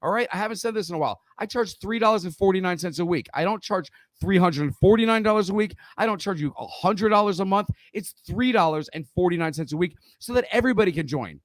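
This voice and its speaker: Blunt, high-voiced trading instructor man. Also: animated, fast, hardly any pauses, no echo. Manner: blunt, profane, emphatic, keeps checking in with "okay?". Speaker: trading educator. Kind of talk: casual spoken lesson.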